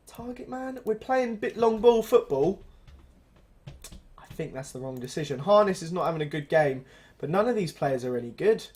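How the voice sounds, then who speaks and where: A young man talks through his football management save, half joking and half exasperated. His voice leaps up in sudden bursts of disbelief, then sinks back into wry grumbling. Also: high voice. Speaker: gaming channel host. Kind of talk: let's play commentary on a management game.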